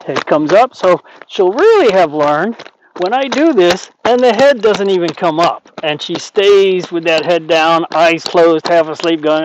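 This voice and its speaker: Calm, soothing male horse trainer. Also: high voice, measured pace, lo-fi sound, background noise. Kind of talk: training commentary.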